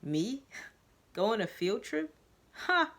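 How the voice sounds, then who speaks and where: A storyteller puts on a frantic, paranoid male patient who lurches into high, loud outbursts and points at things no one else can see. The voice swings wildly, strained and shouting, in a spoken storybook reading. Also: animated, normal speed, natural voice. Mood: taunting. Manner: shouting, jumpy, pitch flying high.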